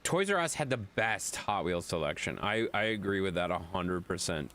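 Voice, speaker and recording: A man's voice: sits low, expressive, moderate pace, fairly bright tone. A man streaming a game, chatting loosely with viewers, swearing and laughing often. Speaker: gaming streamer. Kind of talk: casual chat while playing.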